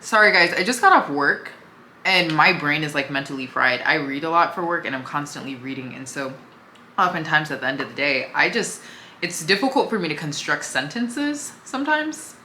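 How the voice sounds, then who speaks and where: A young woman chats her way through a makeup routine in a casual, easygoing way. Her voice sits low but comes across bright and clear. The room around her is echoey, with a faint hum underneath. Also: lively intonation, normal speed. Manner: chatty, talks while applying makeup, easygoing. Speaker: beauty vlogger. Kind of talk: casual makeup tutorial chat.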